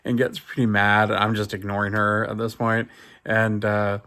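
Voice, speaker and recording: A man's voice: on the low side, completely flat delivery, moderate pace, pushed and bright. A man, a barber casually telling an anecdote to his viewers, rambling and amused. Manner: rambling, amused, full of fillers. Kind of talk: casual storytelling to camera.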